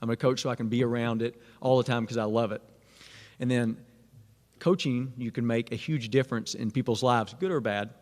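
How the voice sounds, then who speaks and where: A man's voice: medium pitch, steady tone, a little fast. A man, casually telling a self-deprecating personal story to students. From Arkansas. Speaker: speaker at a Catholic student event. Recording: long hall reverb.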